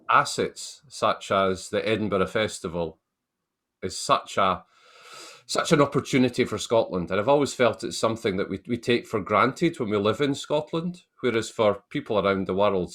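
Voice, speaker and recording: A man moderating a business panel over a video call, polite and measured as he passes turns to the speakers. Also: on the low side, a bit bright. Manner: measured, polite, turn-giving.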